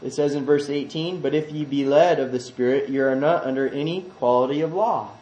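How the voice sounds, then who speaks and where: A man preaching a sermon, swinging from quiet asides to loud, emphatic scripture reading. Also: mid-range voice, a little fast, reverberant, rough recording.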